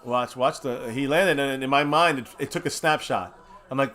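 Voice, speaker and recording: A tipsy man runs a live watch-party stream and reacts to the game as it happens. He curses freely, mutters under his breath, then bursts out loud. His voice sits at an ordinary middle pitch for a man. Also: moderate pace. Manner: profane, excitable, swings from mutters to shouts. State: has been drinking.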